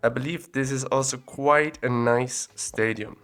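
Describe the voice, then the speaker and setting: Unhurried and mid-range in pitch, a man talks through his thoughts in a relaxed, chatty way while exploring places on a map. Faint music plays behind him, and he was recorded on a separate audio recorder.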